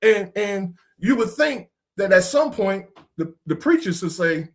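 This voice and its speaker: A man's voice: high-pitched, sing-song, unhurried, hardly any pauses. A man hosting a podcast discussion, talking in a preachy, casual way and swearing now and then. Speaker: podcast host.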